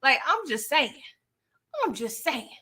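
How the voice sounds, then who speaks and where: A woman's voice: high voice, measured pace. A woman casually recapping a TV series, acting out the characters' lines with lots of laughs. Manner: animated, acts out characters' lines, laughs often. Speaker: TV recap YouTuber.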